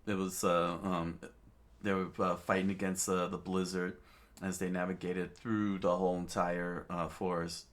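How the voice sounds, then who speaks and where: A man narrating a manga aloud, halting and restarting often. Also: low-pitched, little pitch movement. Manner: halting, many fillers and restarts. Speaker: reader, narrator. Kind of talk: unscripted manga read-aloud.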